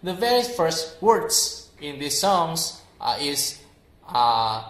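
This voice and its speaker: A young man with a Vietnamese accent giving an informal English lesson, filling pauses with "uh" and saying example words aloud again and again. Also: on the high side, big pitch swings, a bit bright, echoey room. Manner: explains slowly with many fillers and repeats example words aloud. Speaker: English teacher.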